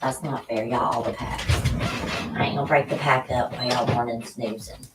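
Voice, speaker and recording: Woman, low voice, tarot reader, chatty and loose, home recording. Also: steady tone, brisk, background noise. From Louisiana. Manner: loose, chatty, sidetracked by her dogs. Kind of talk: spiritual tarot reading to camera. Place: home room with dogs nearby. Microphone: camera.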